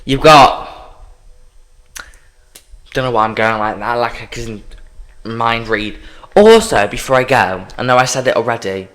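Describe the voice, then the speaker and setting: A man's voice: mid-range voice, lively intonation, moderate pace, a bit bright. A man hosting a casual solo podcast, rambling and sighing as he talks straight to the listener. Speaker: podcast host.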